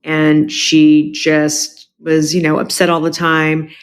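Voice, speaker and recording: A woman's voice: low voice, clear, resonant tone. Candid woman telling a family story. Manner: candid, animated, quick asides. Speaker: guest. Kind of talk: personal storytelling.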